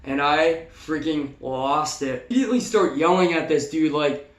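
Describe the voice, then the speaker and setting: A young man casually telling a personal story, animated and swearing freely. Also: fairly high pitch, moderate pace. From Canada. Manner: animated, swearing, acts out shouted quotes. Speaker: vlogger. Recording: echoey room.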